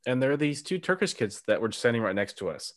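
A man hosting a podcast, with a voice of ordinary pitch. He asks his questions in a relaxed, curious way and sprinkles his talk with "um" and light laughs. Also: fast. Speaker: podcast host. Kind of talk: casual interview chat.

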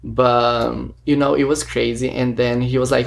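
Rambling man with a gravelly fry. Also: medium pitch, little pitch movement, moderate pace. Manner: rambling, filler-heavy, retells talks with quoted dialogue. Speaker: vlogger. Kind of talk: casual storytelling monologue. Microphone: self-recorded camera or phone.

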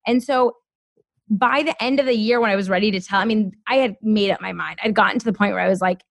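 A woman in her thirties talks through her story as a podcast guest, animated and full of fillers. Her pitch sits in the middle of the range for a woman. She is recorded close and dry, with no room sound. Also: fast talker, creaky, dry recording. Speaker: guest, former lawyer. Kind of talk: casual podcast conversation.

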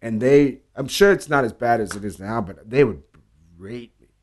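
A man's voice: mid-range voice, moderate pace. A man talking casually in an interview, telling bar stories with lots of swearing and acting out quoted dialogue. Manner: animated storyteller, acts out quoted dialogue, swears freely. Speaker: bartender guest.

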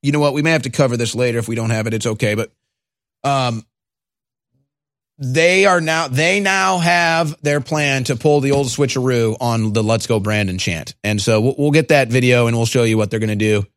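A man's voice: medium pitch, moderate pace, no room sound, clean studio sound. A man hosting a political talk show, sarcastic and scornful, often stammering into restarts. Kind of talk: casual political commentary.

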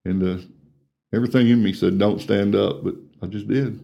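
Gravelly man telling his testimony. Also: lowish voice, steady tone, normal speed. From Texas, USA. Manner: plain-spoken, earnest testimony, drops to a hush at painful parts. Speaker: ministry coordinator. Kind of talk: telling his life story in an interview.

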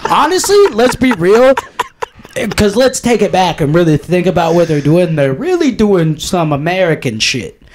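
A man's voice: fairly high pitch, sing-song, normal speed, a little mellow. A man co-hosting a podcast, rambling in casual chat, blunt and profane. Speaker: podcast co-host.

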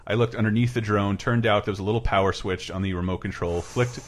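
A man hosting a podcast, chatting casually and reading listener stories aloud with lively put-on voices. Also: on the low side, quick pace. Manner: animated storyteller who puts on voices. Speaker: podcast host.

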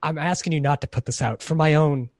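A man's voice: fairly high pitch, fast, no room sound, studio quality. Laughing self-mocking podcast guest man. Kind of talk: casual chat.

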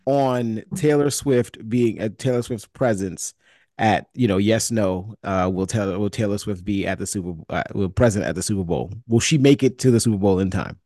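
A man with a somewhat low voice explains betting props in stops and starts, repeating words as he finds his way through the thought. He is recorded close and dry, in an easygoing sports chat. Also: moderate pace, mellow, no echo. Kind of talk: casual sports talk.

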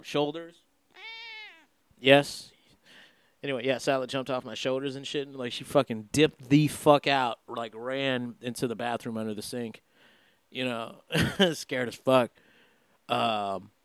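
A man's voice: medium pitch, a bit bright, clean tone, no room sound. A young man hosting a podcast, rambling through a casual monologue full of filler words and swearing. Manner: profane, heavy filler words, meandering. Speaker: podcast host.

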